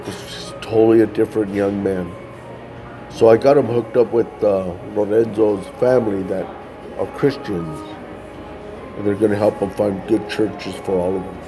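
A man's voice: fairly low pitch, fairly even intonation, normal speed, over music. A man casually telling a personal testimony, loose and conversational, often tossing in "man" and restarting phrases. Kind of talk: casual storytelling.

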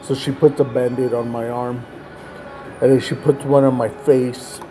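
A man earnestly retelling a story in a conversation, plainspoken and lively in the telling. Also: medium pitch, normal speed, faint music behind.

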